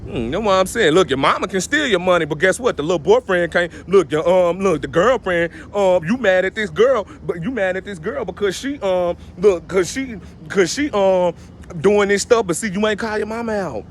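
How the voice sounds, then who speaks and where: A man's voice: high voice, expressive, normal speed, slight background noise. A man giving casual motivational advice, emphatic and preachy, often repeating his stock phrases. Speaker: vlogger giving life advice.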